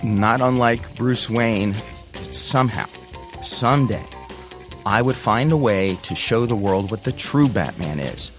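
A man with a low, steady voice tells his own story in a lively way. He switches into the voices of the people he quotes. Guitar music plays clearly under his speech. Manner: animated, acts out quoted voices. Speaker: storyteller recounting his career. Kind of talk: spoken personal storytelling.

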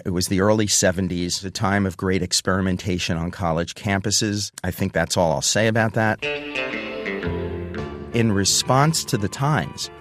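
Guitar plays audibly as a man tells his personal career story in a low, even voice. He's lively throughout, taking on the voices of the people he quotes.

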